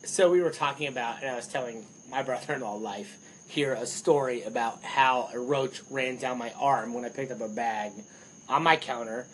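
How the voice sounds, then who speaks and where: A young man co-hosting a podcast, telling stories in animated casual chat and swearing freely. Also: mid-range voice, normal speed, slight background noise, poor audio. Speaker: podcast co-host.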